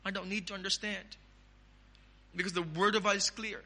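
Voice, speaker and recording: Bright, high-voiced Filipino preacher. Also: male voice, level tone, a little fast. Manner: emphatic preaching with sudden loud rises. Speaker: pastor. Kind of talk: sermon.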